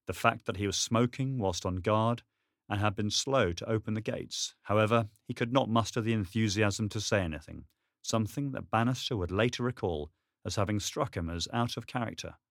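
A man narrates a novel in a low, steady, measured voice. The reading is close to the mic in a dry, dead room. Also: dry recording. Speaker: audiobook narrator. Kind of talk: scripted narration.

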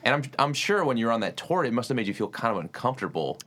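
A man's voice: medium pitch, sing-song, fast, fairly bright tone. An American man hosting a talk show, chatting casually with his guests. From United States. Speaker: host. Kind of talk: casual chat.

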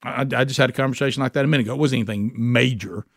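A man's voice: medium pitch, very fast, vocal fry, no echo, clean studio sound. A male pastor preaching a sermon in a folksy, conversational way, often asking the listeners questions.

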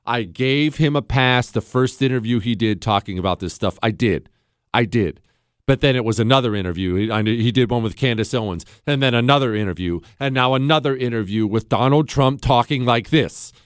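A man's voice: mid-range voice, fairly quick, smooth, dry recording, studio quality. A man hosting a talk show, delivering a blunt, combative opinion monologue with sarcastic asides.

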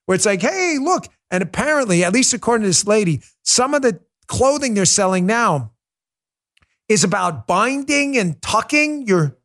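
A middle-aged man hosting a political commentary show, talking in an animated, mocking way with quick asides. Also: sits high. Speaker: host.

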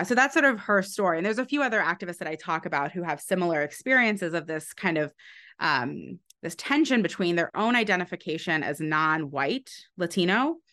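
Woman author talking through her research, lowish voice, lots of ums and restarts. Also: bright, forceful tone. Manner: thoughtful, many fillers and restarts. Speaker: author and historian being interviewed. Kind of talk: academic interview answer.

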